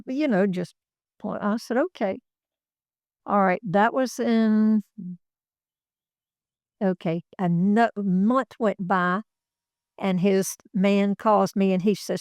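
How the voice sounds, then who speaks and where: A woman's voice: mid-range voice, gravelly, no echo, clean studio sound. An older woman, a former executive assistant, telling rambling, folksy anecdotes in an office interview. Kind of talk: casual storytelling.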